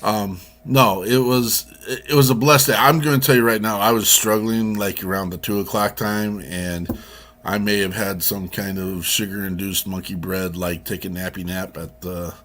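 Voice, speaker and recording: A man's voice: fairly low pitch, fairly even intonation, normal speed. A man co-hosting a casual chat show, telling a long story with many restarts. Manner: rambling, warm storytelling with restarts. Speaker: co-host.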